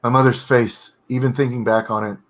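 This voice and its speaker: A man reading his own horror story draft aloud, pausing in halting bursts to correct his wording and comment on it. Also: mid-range voice, flat delivery, fairly bright tone. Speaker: writer streaming his editing.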